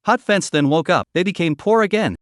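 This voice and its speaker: A man narrating a scripted story recap with a lively, expressive reading. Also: sits high, brisk, no room sound, studio quality.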